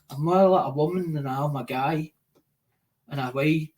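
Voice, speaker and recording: A man chats loosely on a livestream. His voice sits a little high for a man. He circles back on his own words, stumbles over them and swears freely. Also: fairly even intonation, moderate pace, darkish tone. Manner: repetitive, swears a lot, loses track of words. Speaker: livestream host. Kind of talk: rambling casual livestream chat.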